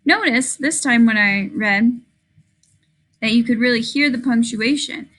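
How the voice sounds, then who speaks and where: Higher-voiced teacher explaining reading expression. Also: female voice, fairly bright tone, rough recording. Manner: clear, deliberate, demonstrating expression. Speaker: third grade teacher. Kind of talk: recorded reading lesson.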